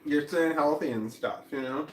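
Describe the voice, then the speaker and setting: A man's voice: on the high side, moderate pace, a little hiss or hum. A middle-aged man talking to a distant camera at home in a meandering, self-interrupting way, chuckling now and then. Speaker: vlogger. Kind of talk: rambling casual monologue. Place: home room. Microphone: camera mic at a distance. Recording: roomy home recording, faint ambience.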